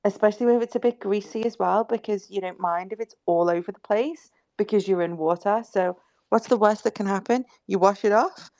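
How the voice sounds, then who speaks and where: A woman's voice: medium pitch, a little fast, a little mellow, no echo, studio quality. A woman in a casual group voice chat, talking in a soothing, reassuring way and swearing freely.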